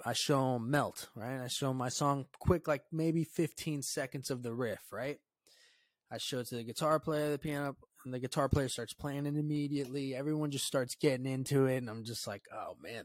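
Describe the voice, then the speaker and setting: A young man hosting his own podcast, telling a story in a loose, profane, rambling way and dropping to a low mutter when he quotes his own thoughts. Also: no echo. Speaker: podcast host. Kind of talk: casual solo podcast storytelling.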